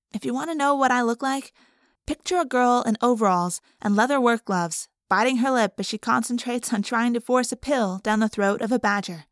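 Audiobook narrator: woman, conversational first-person reading, fairly high voice, dry close sound. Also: dry recording.

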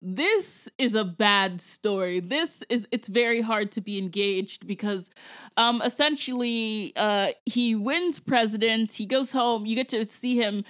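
A woman's voice: on the high side, measured pace, a bit bright. A woman from Jamaica co-hosting a casual movie review, chatting loosely with lots of "like" and laughter.

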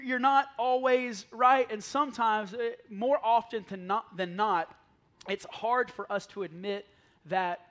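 A man preaching a sermon to a church, telling lively stories and dropping to a near whisper for asides. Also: very high-pitched. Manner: animated storytelling, drops to a near whisper for asides. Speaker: pastor. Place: church sanctuary.

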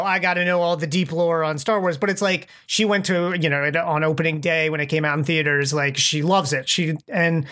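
A man's voice: high-pitched, fairly bright tone. A man chatting as a podcast guest, rambling and enthusiastic, often acting out what people said. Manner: rambling, enthusiastic, acts out quoted speech. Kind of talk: casual chat.

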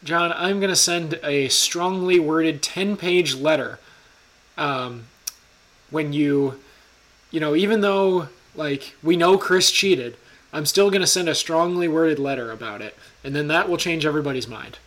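A man with a fairly high, bright voice trades jokes in relaxed podcast chat. His delivery is playful and ribbing, and he keeps things loose and easygoing. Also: unhurried. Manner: teasing, jokey. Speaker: podcast co-host. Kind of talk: casual chat.

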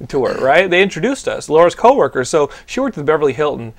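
Young dude hosting a podcast, kinda high voice, rambling animated stories full of swearing. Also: male voice, quick pace. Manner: animated storytelling, heavy swearing, lots of likes and restarts. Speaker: podcast host. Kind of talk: casual chat.

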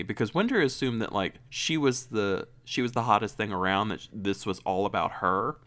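A man's voice: on the low side, brisk, a bit bright. A man co-hosting a casual book review podcast, dry and sarcastic, acting out lines from the characters. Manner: dry, sarcastic, quoting characters in silly voices. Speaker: podcast co-host.

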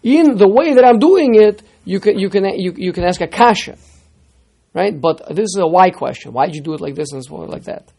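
Animated man teaching a text class. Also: sits high, brisk, vocal fry. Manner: animated, rhetorical questions, repeats words when starting sentences. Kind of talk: interactive text lesson.

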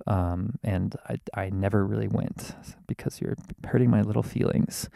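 A man hosting a podcast from inside his car, rambling and wordy in a casual monologue, mocking himself and now and then leaping into a theatrical high voice. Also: fairly even intonation, moderate pace, gravelly, warm tone, no echo. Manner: rambling, wordy and self-mocking, with sudden theatrical jumps in pitch. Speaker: podcast host. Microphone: podcast microphone.

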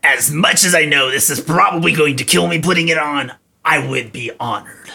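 Casting: male tabletop player, very bright and husky, playful. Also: on the high side, normal speed. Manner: playful, formal in-character speech. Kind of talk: tabletop role-play.

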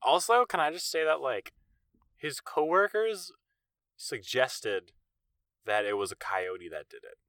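A man's voice: mid-range voice, sing-song, a little slow, pauses often, fairly bright tone, no echo. A man co-hosting a casual chat, adding dry, sardonic quips. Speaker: podcast co-host.

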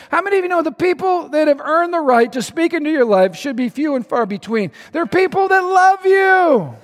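A man preaching an animated sermon as pastor, calling on the congregation to answer him and shouting at his high points. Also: vocal fry, in a large hall. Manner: animated, shouting at peaks, call-and-response.

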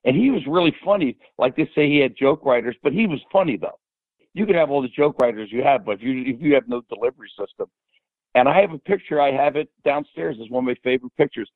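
An older man as a podcast guest, rambling and animated as he tells stories and quotes people. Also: medium pitch, fast, dry recording. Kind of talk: casual storytelling. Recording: tinny phone-like line.

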